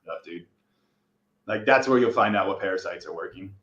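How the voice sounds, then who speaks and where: A man chiming in on a casual chat, talking quickly and loosely and calling people dude and bro. His voice comes through dull and muffled, with a roomy echo around it. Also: sits low, a bit bright.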